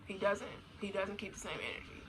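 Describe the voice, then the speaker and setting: A young adult woman vlogger rants casually in a blunt, slangy, profane way, repeating her points for emphasis. Her medium-pitched voice is a little fast and a bit bright, in a rough recording with slight hiss or hum.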